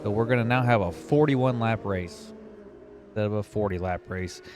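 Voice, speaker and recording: A man commentating an online sim race he is driving in, narrating the action in casual, excitable chat. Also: lowish voice, normal speed, music in the background. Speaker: sim racing commentator and driver.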